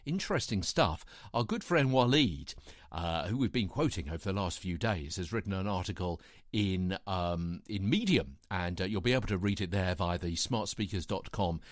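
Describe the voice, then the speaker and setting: A man's voice: low-pitched, moderate pace, dry recording, studio quality. A man hosting a daily podcast, talking casually and reading out quotes, with plenty of fillers between them. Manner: reads out quotes with lively asides and fillers. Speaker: podcast host. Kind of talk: casual solo podcast commentary.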